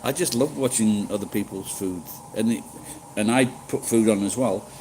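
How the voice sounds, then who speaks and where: A man's voice: lowish voice, normal speed, mellow, slight background noise, poor audio. Rambling middle-aged man streaming live. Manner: rambling, chatty, swears casually. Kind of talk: casual live-stream chat with viewers. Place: living in Japan.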